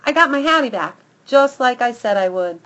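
A woman's voice: on the high side, moderate pace, muffled recording, voice pushed up. Woman doing Fenway, a cocky young male dog. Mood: boastful. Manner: boastful, excitable.

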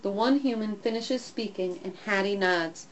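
A woman narrating a first-person children's story in a lively, expressive way. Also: mid-range voice, moderate pace, a little hiss or hum, low-quality recording. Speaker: audiobook narrator.

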